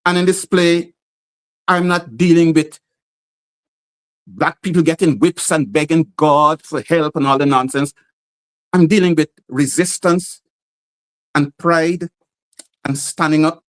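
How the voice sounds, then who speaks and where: A Guyanese-accented playwright, his voice notably high for a man, shares animated stories in an interview, speaking a little slowly with long pauses. He slips into the voices of the people he describes, captured on a low-quality recording.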